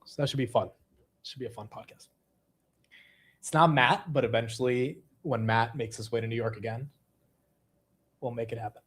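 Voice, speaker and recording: A young man hosting a casual livestream, laughing at himself and reacting quickly to the chat. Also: medium pitch, slightly rough. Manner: animated, self-mocking, reacting to chat. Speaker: livestream host.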